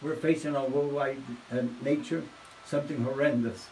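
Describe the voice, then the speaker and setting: A man preaching a sermon as pastor, swinging from hushed storytelling to loud, fervent exhortation. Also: medium pitch, steady tone, normal speed, recorded from a distance, a little hiss or hum, rough recording.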